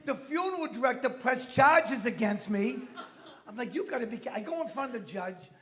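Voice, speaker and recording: A man's voice: extremely high pitch, lively intonation, brisk, a bit bright. A middle-aged man from Massachusetts doing a stand-up routine, telling a story with acted-out voices and brash punchlines in a comedy club.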